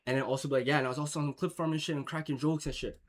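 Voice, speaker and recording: A streamer from Jamaica, a young man with a slightly high voice, races through reaction commentary on a clip in fairly even intonation over background noise. It's casual talk thick with slang, swearing, rambling, and filler words.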